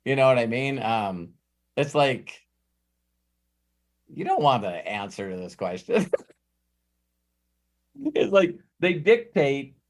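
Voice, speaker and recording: A man coaching a live mastermind group, telling animated stories and acting out quoted dialogue. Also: medium pitch, slow pace, pauses often.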